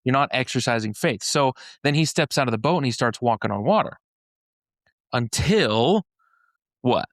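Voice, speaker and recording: Gravelly-voiced man telling a story. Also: medium pitch, lively intonation, moderate pace, dry recording, studio quality. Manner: storytelling, paraphrases scripture in everyday slang, frequent restarts. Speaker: podcast speaker explaining a faith-based framework. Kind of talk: casual podcast conversation. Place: podcast studio in Utah.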